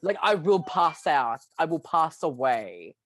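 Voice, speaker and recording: A young man co-hosting a podcast in casual chat, animated and theatrical, exaggerating for effect. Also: a little high, a little slow, no echo, studio quality. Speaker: podcast co-host.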